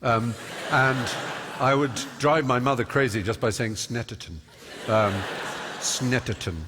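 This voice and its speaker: Brief: man, stage guest, witty self-mocking storyteller, mid pitch, hall echo. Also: a little slow, background noise. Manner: eloquent, self-mocking, with many fillers. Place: large concert hall stage. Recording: long reverb of a large hall.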